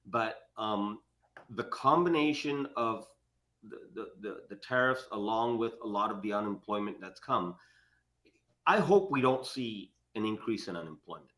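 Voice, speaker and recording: A man's voice: fairly low pitch, moderate pace, a bit bright. A man joining a podcast over a video call from his office, in casual talk. He hesitates often and repeats words as he works his thoughts out. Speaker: real estate guest. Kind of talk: casual chat.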